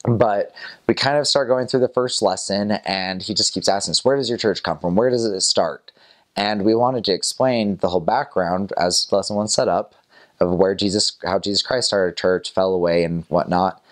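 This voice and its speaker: A man's voice: deep voice, moderate pace. A young man casually telling a personal story about his missionary days, chatty, with frequent small laughs and fillers. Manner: chatty, laughs often between phrases, fillers like "like" and "kinda".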